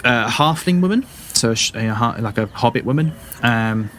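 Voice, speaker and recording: A man's voice: mid-range voice, animated, normal speed, a bit bright, slight background noise. A man narrating a tabletop game as dungeon master, hesitant and full of fillers.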